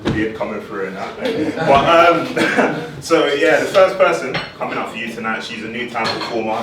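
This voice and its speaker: Playful man hosting a loud poetry night. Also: medium pitch, lively intonation, moderate pace, few pauses. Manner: playful, call-and-response with the audience. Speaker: host. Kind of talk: hyping up a poetry night crowd. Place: live venue with audience. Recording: echoey room from far off, loud crowd and noise.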